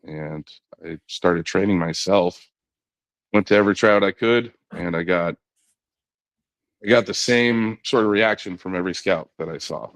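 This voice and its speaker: A middle-aged former knuckleball pitcher, guesting on a podcast, tells a long story at a measured pace in a very low, deep voice. He's relaxed and conversational, voicing other people's lines himself and dropping "you know" throughout. The recording is dry and close, with no room sound or echo.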